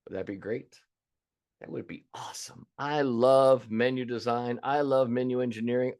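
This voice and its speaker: Man in his fifties, restaurant coach, webinar lesson, folksy, emphatic. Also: medium pitch. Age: 50s. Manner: folksy, emphatic, acts out quoted callers. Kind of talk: webinar teaching.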